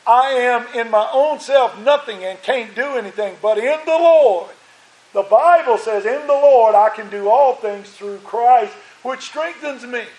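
A man's voice: very high-pitched, measured pace, hardly any pauses, a little mellow. A male pastor preaching a sermon with emphatic, repeated phrases, his voice strained. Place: church sanctuary. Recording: echoey church room.

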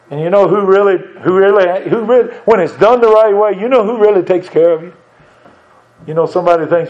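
Heard on a dull, lo-fi church recording, this preacher's voice sits high with a darkish tone. His folksy sermon feels like conversation, full of rhetorical questions for the congregation and the occasional chuckle.

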